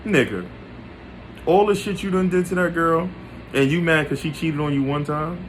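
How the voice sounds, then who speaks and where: A man voicing his exasperated, scolding mother, who nags loudly and in disbelief. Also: on the high side, expressive, normal speed, a little hiss or hum, voice pushed up, lightly acted. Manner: loud, incredulous nagging. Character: exasperated scolding mother, middle-aged woman.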